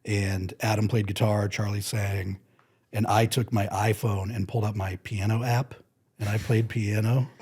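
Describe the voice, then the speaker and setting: A man, a guest musician, telling casual stories in an animated way and acting out other people's lines. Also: on the low side, normal speed, breathy edge. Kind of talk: casual storytelling.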